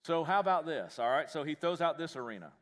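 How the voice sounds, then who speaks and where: Animated man preaching. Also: a little high, quick pace. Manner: folksy, joking, animated preaching. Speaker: pastor. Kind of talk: sermon. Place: church.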